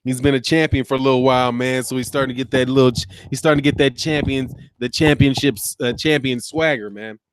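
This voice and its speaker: A sleepy, yawning host of a casual boxing talk stream rambles conversationally, restarting sentences and reading out viewer comments. His mid-range voice holds a steady tone at a quick pace with few pauses, over slight background noise.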